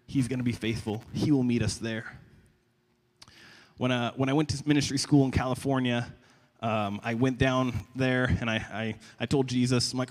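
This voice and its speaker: A young man preaching a sermon in a conversational, animated way, often stumbling and repeating words. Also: mid-range voice, moderate pace. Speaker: pastor. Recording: long reverb of a large hall.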